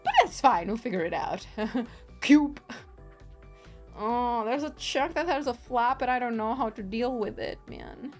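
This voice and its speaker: A woman's voice: on the high side, unhurried, a little mellow, faint music behind. A woman streamer chatting casually while crafting on a livestream, giggly, rambling and playful.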